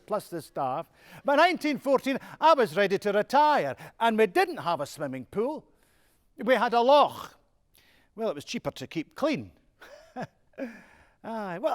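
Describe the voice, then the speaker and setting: An actor playing an older Scottish music-hall star in a stage monologue, telling stories with a chuckling, self-mocking manner. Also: male voice, high-pitched. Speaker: music-hall performer in a one-man stage show. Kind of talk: theatrical monologue.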